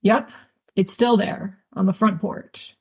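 A woman narrates a story in a wry, deadpan way. Her voice is gravelly and husky, and she sits at a middling pitch. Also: slow. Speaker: audiobook reader. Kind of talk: fan audiobook narration.

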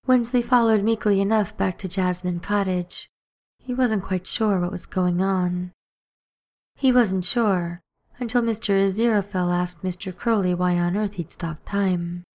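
A woman narrating an audiobook in a steady, even storytelling manner. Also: medium pitch, measured pace.

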